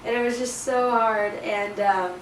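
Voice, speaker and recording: A woman's voice: a little high, steady tone, measured pace. Chatty teenage girl, roomy distant sound. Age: teens. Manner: chatty, lots of fillers, laughs at herself. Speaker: vlogger. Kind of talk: casual storytime. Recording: roomy, a bit distant, faint noise.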